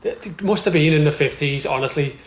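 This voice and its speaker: A man with a Liverpool accent chatting casually about football as a podcast co-host, ranting and swearing with animated laughter. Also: on the high side, a little fast, echoey room, low-quality recording.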